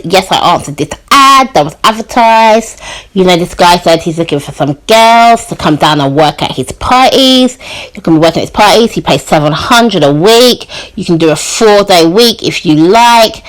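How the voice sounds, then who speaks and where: A woman's voice: medium pitch, low-quality recording. Chatty woman telling a story. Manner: chatty storytelling with many "you know" and "like" fillers; acts out the people she quotes. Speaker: YouTuber. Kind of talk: storytime vlog.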